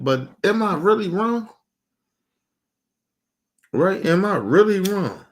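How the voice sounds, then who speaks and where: A man streaming an emotional, profane rant, repeating himself with heated questions and trailing off into low mutters. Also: very animated, measured pace, pauses often.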